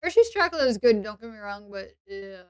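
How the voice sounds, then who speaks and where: A woman's voice: medium pitch, big pitch swings, smooth, dry recording, clean studio sound. A woman with an English accent, chatting sarcastically and playfully on a role-play stream. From England. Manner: sarcastic and playful, quick asides.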